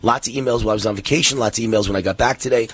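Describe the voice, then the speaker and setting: Breathless husky talk radio host. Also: male voice, mid-range voice, rapid-fire, no room sound. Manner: rambling, energetic, many fillers. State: out of breath, tired.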